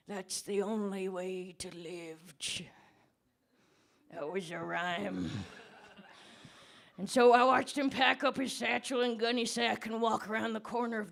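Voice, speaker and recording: A woman voicing an unhinged old man who lives under a bridge, rambling slowly on a pub stage with sudden shouts. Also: mid-range voice. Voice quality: gravelly, creaky old-man voice. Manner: slow, rambling, with bursts of shouting. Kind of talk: comedic character monologue at a live debate.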